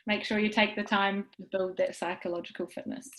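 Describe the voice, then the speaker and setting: A woman's voice: mid-range voice, flat delivery, a little fast, fairly bright tone, rough recording. A woman with a New Zealand accent, a guest speaker chatting on a video call in an upbeat, encouraging way. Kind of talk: casual video call chat.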